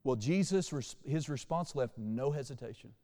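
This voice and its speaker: A man preaching a sermon as pastor, animated, shifting between quiet and loud passages. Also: mid-range voice, moderate pace, long reverb tail. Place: church sanctuary.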